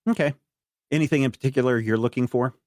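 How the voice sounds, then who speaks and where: A man narrating as game master of a tabletop game, rambling with many pauses and fillers. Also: mid-range voice, a little mellow, no room sound, clean studio sound. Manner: rambling, many "uh"s and restarts while describing.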